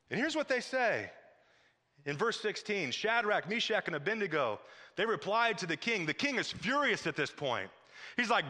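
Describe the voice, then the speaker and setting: Bright-voiced pastor preaching in a hall. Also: male voice, fairly high pitch, expressive, moderate pace. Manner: emphatic, repetitive preaching with quoted phrases. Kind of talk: sermon. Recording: long hall reverb.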